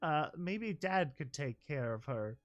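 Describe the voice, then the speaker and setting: Man voicing a childlike filly, high and cracking, pleading and stubborn; storybook reading. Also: lively intonation, measured pace, dull audio. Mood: upset. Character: young filly foal, innocent, stubborn.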